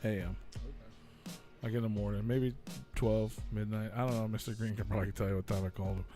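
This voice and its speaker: A man's voice: fairly low pitch, little pitch movement, fast. Guy rambling thru a story on a radio show, swears a lot, faint music under it. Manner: rambling storytelling, swearing, acts out quoted voices loudly. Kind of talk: casual chat.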